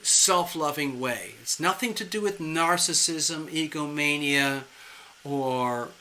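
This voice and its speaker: Tarot reader on a live stream; a man with a bright, fairly high voice, chatty and animated. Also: slow, slight background noise, low-quality recording. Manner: animated, chatty, conversational and playful.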